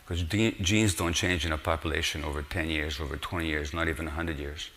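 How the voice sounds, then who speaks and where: A man's voice: extremely low pitch, steady tone, fairly quick, pushed and bright. A man in his sixties giving a public lecture, earnest and emphatic, with rhetorical questions to his audience. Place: lecture hall. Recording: long reverb of a lecture hall.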